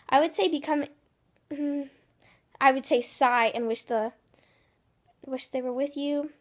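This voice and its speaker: Teen girl vlogger, high bright voice, chatty, reads quiz out loud. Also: steady tone, moderate pace, pauses often. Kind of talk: casual vlog narration.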